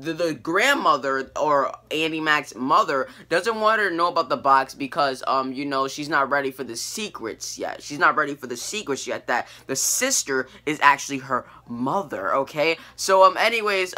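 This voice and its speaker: A teenage boy who vlogs TV reviews gives a casual episode recap and review, rambling loosely and tripping over fillers and restarts. He quotes animatedly, and his very bright voice sits a little high for a guy.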